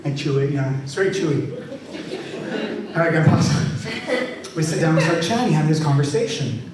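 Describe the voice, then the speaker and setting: A man's voice: a little high, fast talker, a loud crowd. A man, an author, telling family stories with laughter and reading a poem at a live event. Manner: animated, laughing storyteller. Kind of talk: storytelling talk and poetry reading. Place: large event hall. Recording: echoey hall from far off.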